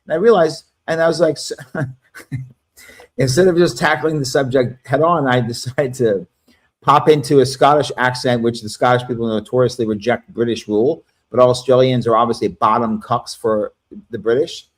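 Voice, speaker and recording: A man's voice: medium pitch, steady tone, moderate pace. A man in casual, profane chat on a livestream, rambling through stories and laughing at his own jokes. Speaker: livestream panel guest.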